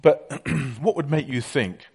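A man's voice: medium pitch, slow, creaky, darkish tone, slightly rough. A middle-aged man preaching a conversational sermon, telling stories with many fillers.

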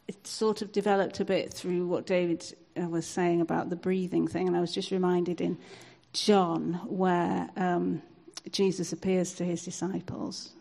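Woman, low gravelly husky voice, hesitant spontaneous prayer. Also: rough recording. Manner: soft, hesitant, halting with fillers. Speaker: church member leading prayer.

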